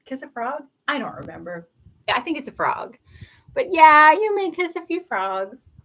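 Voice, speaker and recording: A woman's voice: sits high, big pitch swings, measured pace, fairly bright tone, poor audio. A young woman doing a live tarot reading, chatty and giggly, rambling off topic in a bubbly, sing-song way. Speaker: tarot reader.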